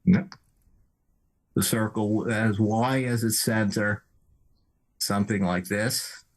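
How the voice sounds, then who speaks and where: Man, math tutor, slow and hesitant, step-by-step explaining, unhurried drawl. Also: lowish voice, steady tone. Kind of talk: explaining a geometry problem.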